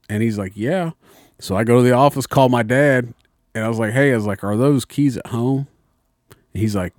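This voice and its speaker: A man's voice: mid-range voice, a little mellow, no echo, clean studio sound. A young man, a little tipsy, telling a long profane story in casual chat. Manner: rambling, profane storyteller, acts out voices. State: slightly tipsy.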